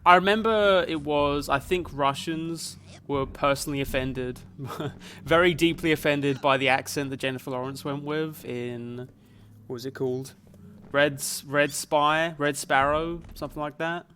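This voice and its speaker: A man's voice: on the high side, steady tone, unhurried, sharp tone, slight background noise. Rambling man streaming a game. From Canada. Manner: rambling, musing aloud, muttering reactions to the game. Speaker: live streamer. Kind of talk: casual chat while playing a video game.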